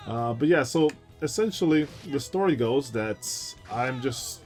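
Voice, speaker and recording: Young male let's-player, mid-pitched voice, loose rambling storyteller, faint game music under him. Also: expressive, slow pace, long pauses, darkish tone. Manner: rambling, chatty anecdotes with frequent laughs and fillers. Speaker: gaming streamer. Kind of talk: casual let's-play storytelling.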